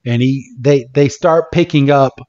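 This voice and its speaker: A man's voice: medium pitch, a little slow, a little mellow, dull audio. A man co-hosting a podcast, recapping a cartoon episode in a loose, chatty way, now and then swearing as he gets riled up. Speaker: podcast co-host.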